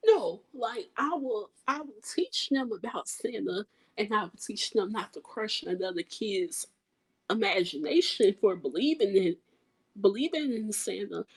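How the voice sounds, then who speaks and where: A woman co-hosts a podcast in casual chat, speaking very slowly with a husky voice. She muses hesitantly and drops blunt, slangy asides. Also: medium pitch, animated, rough recording. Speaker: podcast co-host.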